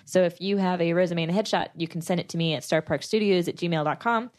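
A woman's voice: on the low side, fast talker, a little mellow. A woman on a podcast panel, a producer, talking casually and at length with lots of "you know" and "like". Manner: talkative, explains at length, fillers like "you know". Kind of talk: casual chat.

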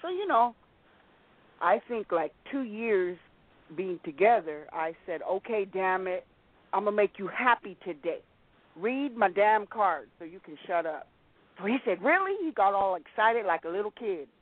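A woman telling a personal testimony as a guest, slowly relating a story and acting out the people in it. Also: mid-range voice, expressive, no room sound. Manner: slow storytelling, acting out quoted voices. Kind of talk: personal testimony in a call-in talk. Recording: tinny phone line.

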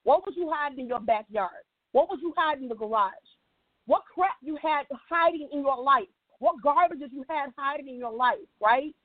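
A woman's voice: sits high, expressive, normal speed, dry recording. A woman guest giving a faith-based motivational talk, emphatic, repeating key lines and checking in with "right?". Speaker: guest speaker. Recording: tinny phone-like line, dry.

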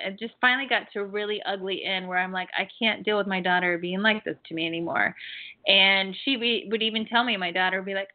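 A woman hosting a call-in show about past lives, telling stories in a chatty, earnest way with many fillers. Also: mid-range voice. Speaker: host and past-life healer. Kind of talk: call-in radio show talk. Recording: tinny phone line.

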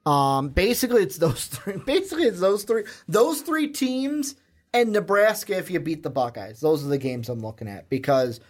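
Guy co-hosting a sports podcast, kinda high voice, jokey and animated, talks to the viewers. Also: moderate pace. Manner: animated, joking, addresses viewers directly. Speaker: podcast co-host. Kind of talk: casual sports podcast chat.

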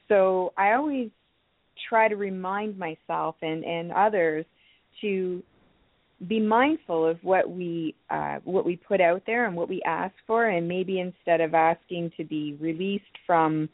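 Woman speaking softly over a phone line. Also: on the low side, no echo. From Canada. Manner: soft-spoken, hesitant, many ums and restarts. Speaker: crystal healing teacher. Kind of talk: phone-in talk show guest. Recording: tinny phone line, dry.

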